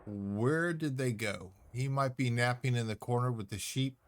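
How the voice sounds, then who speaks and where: A man's voice: medium pitch, normal speed. A man streaming a space game, giving live commentary with self-mocking jokes and easy chatter.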